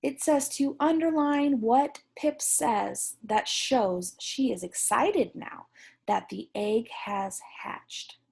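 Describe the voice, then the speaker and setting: A young woman teacher reading a picture book aloud to young students, slow, gentle and encouraging, stopping to ask the class questions. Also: fairly high pitch, creaky, husky.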